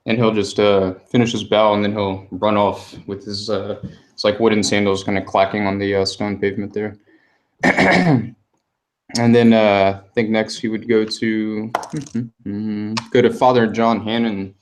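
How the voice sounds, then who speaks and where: A man with a low, fairly flat voice narrates as game master. He talks loosely, with plenty of fillers, as he describes the scene. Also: unhurried. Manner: relaxed, many fillers, describes scenes at length.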